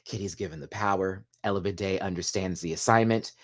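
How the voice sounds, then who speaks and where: A man's voice: low voice, fairly quick. A man hosting a casual show recap, chatty and gossipy, laughing often as he talks. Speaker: host.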